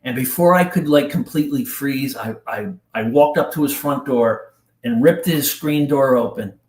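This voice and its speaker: A middle-aged man from New Jersey, a podcast guest telling a painful personal story in an intense, halting way with casual slang. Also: medium pitch, a little mellow. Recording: roomy echo.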